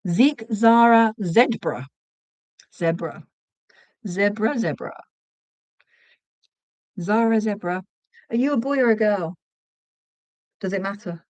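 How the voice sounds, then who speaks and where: A woman hosting a casual livestream while she crochets. She chats, gets sidetracked, and counts her stitches out loud. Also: medium pitch, lively intonation, slow pace, pauses often, no room sound. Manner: chatty and easily sidetracked, counts stitches aloud. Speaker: livestream host.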